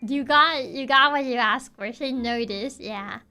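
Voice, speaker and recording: A young woman streaming casually, soft-spoken and sassy, who laughs often while chatting with her viewers. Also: high voice, unhurried, soft background music. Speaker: VTuber streamer. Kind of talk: casual livestream chat, reading chat aloud.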